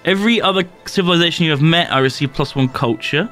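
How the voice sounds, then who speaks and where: A playful man chats through a multiplayer game, laughing through his own lines. His voice sits a little higher than most men's, with faint music in the background. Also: quick pace. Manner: giggly, playful, lists things excitedly. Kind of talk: casual gaming chat.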